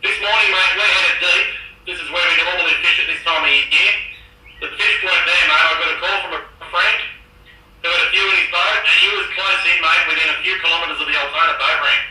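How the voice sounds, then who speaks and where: A man's voice: fairly high pitch, steady tone, fast talker, sharp tone, far from the mic. A man with an Australian accent phoning in an enthusiastic, rambling fishing report. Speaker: caller giving a fishing report. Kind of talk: phone-in report. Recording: tinny echoey phone line.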